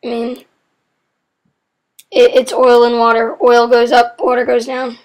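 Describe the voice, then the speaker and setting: A woman's voice: a little high, completely flat delivery, a little slow, a little mellow. A woman explaining chemistry facts in a casual, rambling way, often getting sidetracked and correcting herself with apologetic asides.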